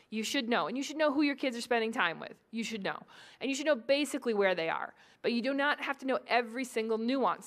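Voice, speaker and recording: A woman from the Boston area giving a lively, joking public lecture on psychology and speaking straight to the audience. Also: a little high. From New England, Boston area.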